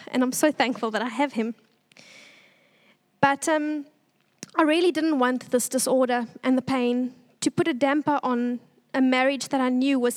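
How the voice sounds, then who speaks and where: A young woman giving an earnest, tearful church testimony, pausing often. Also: sits high.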